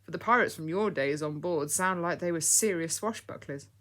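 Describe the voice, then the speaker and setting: A woman reading the lines of an earnest, excitable young boy in an audiobook story. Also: fairly low pitch, moderate pace, lightly acted. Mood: eager. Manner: eager, earnest.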